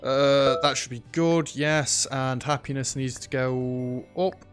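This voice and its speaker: A man's voice: mid-range voice, steady tone, slow pace, faint music behind. A man chatting and joking through a shop management game, talking to the customers on screen. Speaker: gaming YouTuber. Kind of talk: let's play commentary.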